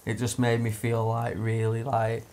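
A man's voice: mid-range voice, completely flat delivery, normal speed, darkish tone, slight background noise. A young man telling a long story in casual podcast chat, swearing often, laughing and using lots of fillers.

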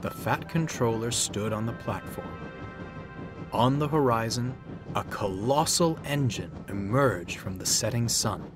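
A man narrating a storybook tale in a calm, deliberate manner. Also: medium pitch, music in the background.

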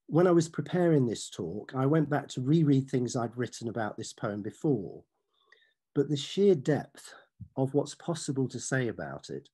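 Measured male speaker, mellow and slightly husky, reading verse in an online talk. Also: mid-range voice. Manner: measured, savouring delivery. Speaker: author and poetry teacher.

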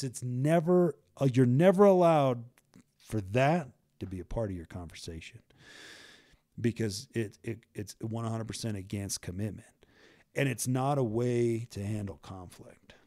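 A man co-hosting a relaxed advice conversation, leaning on repetition and casual slang to drive his points home. His voice is mellow and dark in tone, recorded dry and close. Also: lowish voice, moderate pace, dry recording. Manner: emphatic, repetitive, uses slang fillers. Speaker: podcast co-host.

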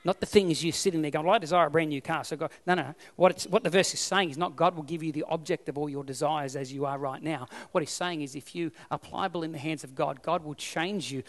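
Australian man, pastor, sermon, emphatic, repetitive, high-pitched. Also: big-room sound. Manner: emphatic, repeats key phrases.

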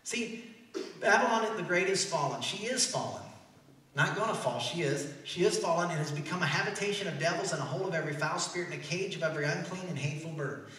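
A man with a Midwestern American accent, a pastor preaching an animated sermon that swings between loud declarations and soft asides. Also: fairly high pitch, fast, recorded from a distance. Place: large church hall. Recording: echoey church hall, heard from afar.

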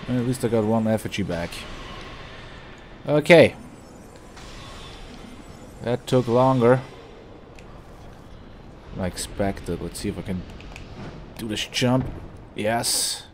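A man from Austria commentating his own gameplay as a gaming YouTuber, swearing, yelling at enemies and laughing at his own mistakes. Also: on the low side, takes it slowly, pauses often, a little hiss or hum. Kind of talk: let's play commentary.

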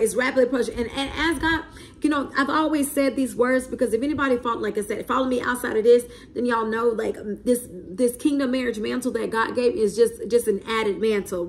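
A woman's voice: on the high side, a little fast, vocal fry. A woman, preaching prophecy in a spontaneous, emphatic way, repeating herself and often asking "okay?" and "right?". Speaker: self-described prophet.

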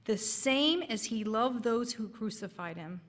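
Lady reading as a brave teen girl, earnest, slow, church hall echo. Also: a little high, expressive, fairly bright tone. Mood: pleading. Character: brave teenage girl preaching to robbers.

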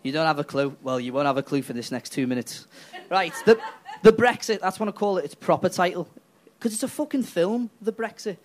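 Crude ranting comedian. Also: male voice, sits high, a little fast. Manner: crude, ranting, switching between put-on voices and shouts. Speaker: stand-up comedian. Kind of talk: stand-up set. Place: comedy club stage.

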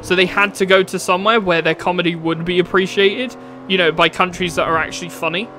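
Over a noisy background, a man with a high-pitched, steady voice talks quickly as he streams a racing game. He's a UK gaming streamer giving an opinionated, blunt rant, cursing occasionally and cracking himself up at his own jokes in this casual playthrough.

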